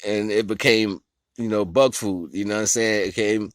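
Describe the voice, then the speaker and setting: Talking at normal speed in a fairly low, steady voice, this man shares his life philosophy as a vlogger. He's laid-back and rambling, chuckling a lot, relying on everyday comparisons and repeating "you know what I'm saying." The sound is clean studio quality without echo.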